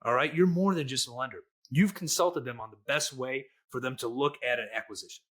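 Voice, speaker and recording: A man's voice: medium pitch, brisk, a bit bright. A middle-aged man with a Midwestern accent, co-hosting a casual podcast chat in a jokey, folksy storytelling way. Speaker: podcast co-host, lender.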